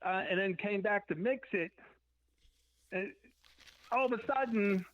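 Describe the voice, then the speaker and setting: A man's voice: high-pitched, a little slow, no room sound. A man guest in an interview telling band stories in a rambling way, acting out what people said. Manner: rambling, acts out quotes from memory. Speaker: musician guest. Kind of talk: casual interview storytelling. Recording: tinny phone line.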